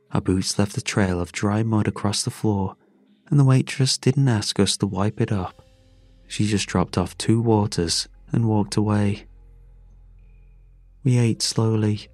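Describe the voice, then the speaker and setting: Low, somber male horror narrator. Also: darkish tone, no room sound. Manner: measured and somber. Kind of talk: scripted first-person horror narration.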